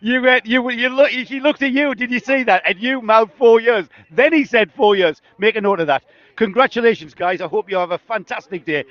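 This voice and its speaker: Very high-pitched and brisk, this middle-aged man from northeast England works as a trackside roving interviewer, bantering and teasing people on the spot with a handheld mic. There's no room sound, just dull lo-fi outdoor audio.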